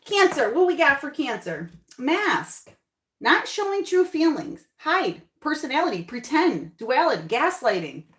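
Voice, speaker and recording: Female tarot reader, higher voice, loose reassuring chat, repeats lines, echoey room. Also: sing-song, unhurried, a bit bright. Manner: chatty, reassuring, repeats phrases. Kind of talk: casual tarot reading to camera.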